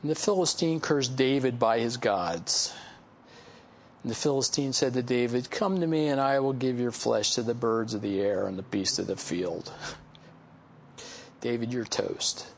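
Male pastor, folksy conversational sermon delivery, gravelly edge, mid-range pitch. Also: moderate pace, slight background noise. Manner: conversational, folksy, laughs at own stories. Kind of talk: sermon with personal stories.

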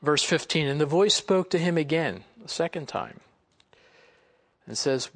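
A man preaching a Bible lesson in a relaxed, conversational way, acting out quoted lines and chuckling as he goes. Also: a little high, a little slow, long pauses. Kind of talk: sermon.

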